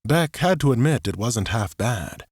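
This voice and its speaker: A man reading a science fiction audiobook as narrator, in a steady storytelling manner. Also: mid-range voice, measured pace, slightly rough, no echo, studio quality.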